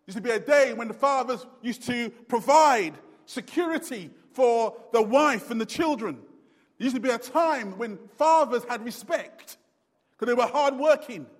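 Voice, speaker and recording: High-voiced preacher in a reverberant hall. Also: male voice. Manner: swings from loud emphatic peaks to low murmurs. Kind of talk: sermon.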